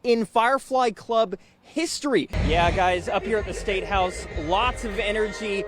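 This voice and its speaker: Young male TV sports reporter, bright upbeat read, higher voice. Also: measured pace, music in the background. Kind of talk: broadcast news reporting.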